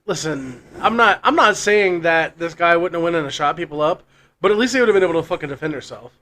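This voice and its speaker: Co-host: a man with a high voice and a loose, laughing delivery who reads news items. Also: animated, fast, sharp tone. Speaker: podcast co-host. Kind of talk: casual comedy chat. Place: studio.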